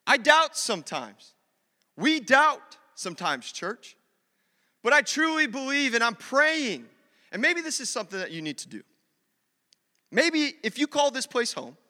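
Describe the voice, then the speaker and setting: A male pastor preaching a sermon in a church, telling a story with lively acted-out dialogue. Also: high-pitched, moderate pace, in a large hall. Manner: animated storytelling, acts out dialogue.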